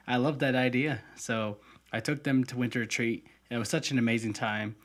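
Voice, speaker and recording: A man's voice: mid-range voice, fairly even intonation, fairly quick, a bit bright. Earnest young man telling a story. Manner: earnest, heartfelt, many fillers. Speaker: podcast co-host. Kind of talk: casual podcast storytelling. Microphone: podcast mic.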